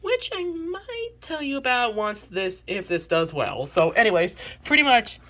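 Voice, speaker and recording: Animated young woman with lively, high pitch. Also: unhurried. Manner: animated, exasperated, laughing disbelief. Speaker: creator reviewing her own old comics. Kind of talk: comedic reaction commentary.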